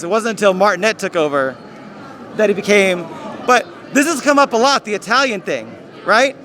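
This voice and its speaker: A man's voice: high voice, sharp tone. A man hosting a casual street poll at a fan convention, friendly and explaining with playful emphasis. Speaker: host running a street poll. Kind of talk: casual interviewing.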